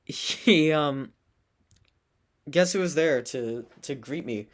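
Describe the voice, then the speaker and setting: A man's voice: a little high, slow. A teenage boy co-hosting a casual podcast, telling a school story with lots of laughter and acted-out quotes. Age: teens. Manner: animated, laughing, acts out quoted voices. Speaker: podcast co-host.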